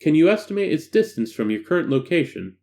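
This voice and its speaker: A composed, clinical male doctor from a horror story reading, asking precise questions over a radio link, as a man reads him out. He keeps his tone formal and procedural. His voice swings lively in pitch, set fairly high. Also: quick pace. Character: calm, clipped male lab doctor on radio.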